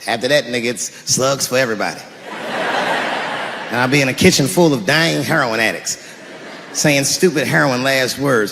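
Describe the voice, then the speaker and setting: A man doing a stand-up comedy set, animated and shouting his punchlines while acting out characters. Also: mid-range voice, normal speed, pauses often, long reverb tail, background noise.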